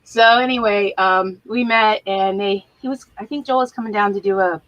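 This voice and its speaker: A woman being interviewed as an actor, chatty and pausing to search for words. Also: mid-range voice, no room sound, dull audio. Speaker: actor guest. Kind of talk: casual interview.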